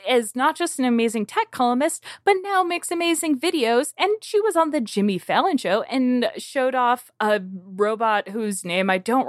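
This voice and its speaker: A woman's voice: fairly high pitch, dry recording, studio quality. Giggly, rambling woman, Chicago accent. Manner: giggly, rambling with frequent fillers and restarts. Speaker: podcast co-host. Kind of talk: casual podcast chat.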